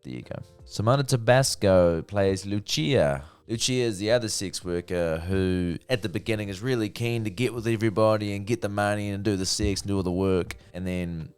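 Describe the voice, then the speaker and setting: A man's voice: on the low side, moderate pace, hardly any pauses, a little mellow, smooth, dry recording, soft background music. A young man casually reviewing a TV show, chatty and swearing freely. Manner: chatty, swears freely, acts out characters' lines. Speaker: TV review vlogger.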